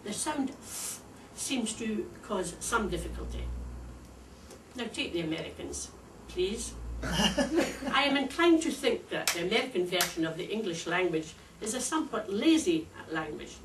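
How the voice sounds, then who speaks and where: An older woman with a Scottish accent gives a prepared, gently humorous speech, her delivery wry and deliberate. Her voice sits at an ordinary pitch for a woman. She is recorded from some distance in an echoey room with a faint hiss underneath. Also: lively intonation. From Scotland. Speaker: speakers club contestant. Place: club meeting room.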